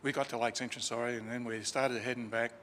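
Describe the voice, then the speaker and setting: A man's voice: mid-range voice, little pitch movement, fast, a bit bright, a little hiss or hum. A man telling a chatty, informal story about a friend at a funeral in a crematorium chapel, with fillers and restarts. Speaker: funeral eulogy speaker. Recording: reverberant chapel, faint ambience.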